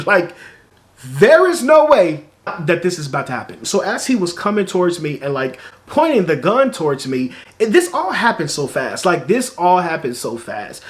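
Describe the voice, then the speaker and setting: A man vlogger telling a personal story to camera in a chatty, animated way, full of "like"s. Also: sits high, moderate pace. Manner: animated, chatty, filler-heavy with many "like"s.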